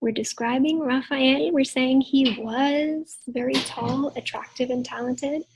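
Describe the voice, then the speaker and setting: A woman teaching a recorded grammar lesson. She explains patiently and draws out her examples slowly. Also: sits high, slight background noise, poor audio. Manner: clear explanatory teacher talk, drawn-out examples. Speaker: Spanish teacher.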